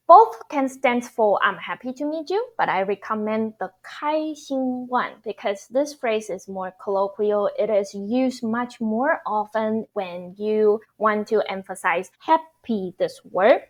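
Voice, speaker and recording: A young woman whose first language is Mandarin teaches a casual online lesson. Her voice sits fairly high, and she takes her time, repeating each phrase so learners can practice. She explains with easy fillers along the way. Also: lively intonation, measured pace, hardly any pauses.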